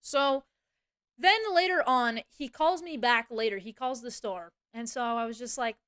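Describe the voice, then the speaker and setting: A woman's voice: on the high side, normal speed, fairly bright tone, clear, resonant tone. A young woman streamer chatting casually, rambling through a story and swearing freely. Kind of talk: casual livestream chat.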